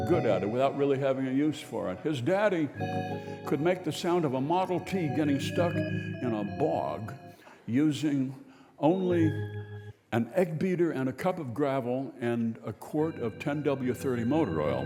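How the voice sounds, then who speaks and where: A man's voice: medium pitch, big-room sound. A man hosting a live radio show and telling a wry, meandering tale.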